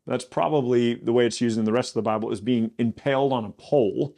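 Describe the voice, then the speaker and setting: A pastor teaches through a Bible passage casually, sounding animated and repeating himself when he gets worked up, rising into excited disbelief. His voice is medium in pitch with vocal fry. He talks fast with few pauses.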